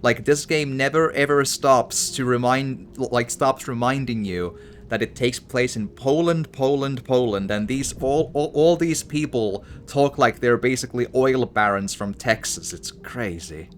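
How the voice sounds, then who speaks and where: A male streamer rambles as he plays through a game, stammering and repeating himself. Faint room ambience hangs behind his mid-pitched voice. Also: measured pace, a little hiss or hum. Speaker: gaming streamer. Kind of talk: casual let's-play commentary.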